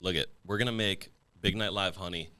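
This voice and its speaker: Deep-voiced fast-talking male podcast host. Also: bright, forceful tone, clear, resonant tone. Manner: joking, quick banter. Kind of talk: casual podcast chat.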